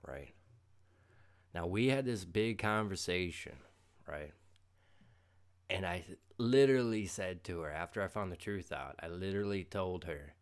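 A man with a deep, low voice talks straight to the listener in a profane, sarcastic rant. He swings between quiet musing and loud, heated emphasis. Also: expressive, unhurried, pauses often. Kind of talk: casual monologue venting.

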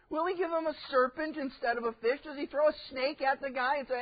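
A pastor preaching a sermon in a high, light man's voice. He tells folksy stories and slips into little acted voices. The sound is dull, like an old radio broadcast. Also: lively intonation, brisk, few pauses.

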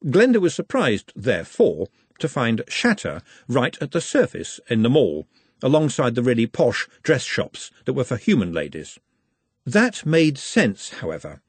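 Husky male audiobook narrator. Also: mid-range voice, a little slow, dry recording. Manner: wry, animated reading.

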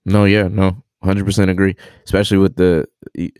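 Young male co-host, very deep mellow voice, dry sound, relaxed slangy chat. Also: a little fast, clean tone, no echo. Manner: laid-back, slangy, stumbles over words. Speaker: podcast co-host. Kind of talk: casual chat.

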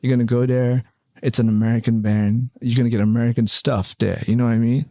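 A man's voice: mid-range voice, flat delivery, quick pace, warm tone, no room sound, clean studio sound. A man being interviewed in a casual chat, rambling with many fillers and tag questions. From Canada. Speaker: interview guest, hotel developer.

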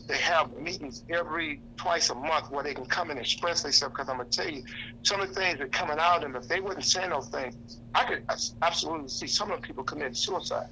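A man's voice: a little high, pushed and bright, slight background noise, low-quality recording. A man with a St. Louis accent talking on the radio in an impassioned, preacherly way, repeating himself for emphasis. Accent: St. Louis, Missouri. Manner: preacherly, repetitive, acts out quoted voices. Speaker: activist guest.

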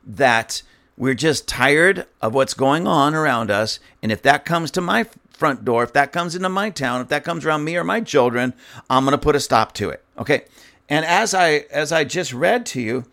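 A man's voice: a little high, lively intonation, moderate pace, pushed and bright. A middle-aged man hosting a commentary talk, reading song lyrics aloud and stopping for his own asides. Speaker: political commentary host.

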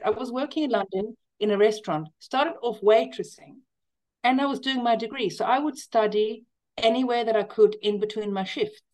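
A woman's voice: a little high, darkish tone. A middle-aged woman, a guest in a casual interview, telling stories enthusiastically and with emphasis. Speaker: guest, cookbook author.

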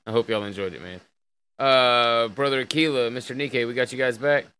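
This online podcast host has a mid-range, bright voice that is forceful, clear, and resonant, with fairly even intonation at a normal speed. Over a call he chats crudely and loosely, reads an article aloud, and fills the talk with fillers and laughs, all on a rough recording.

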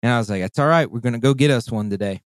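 Profane animated male storyteller. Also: mid-range voice, racing, no room sound. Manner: profane, animated, acts out voices and calls. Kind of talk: casual storytelling.

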